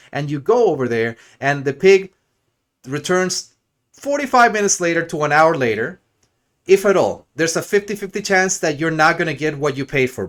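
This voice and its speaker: A man streaming a crude, sarcastic, rambling rant in a mocking commentary style. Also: on the high side.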